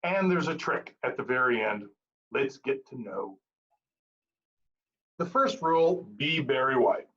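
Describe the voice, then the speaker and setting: Animated man giving a humorous speech. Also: mid-range voice, unhurried, long pauses, dull audio. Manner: humorous, animated storytelling delivery. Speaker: Toastmasters speaker. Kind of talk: prepared club speech.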